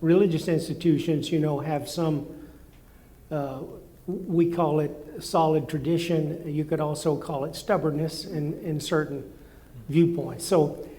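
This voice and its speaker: An older male guest answering interview questions on a studio stage. He speaks slowly and haltingly, with frequent fillers, in a mellow, dark voice. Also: a little high, steady tone. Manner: halting, many fillers, reflective. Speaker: former seminary president, guest. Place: studio stage before live audience.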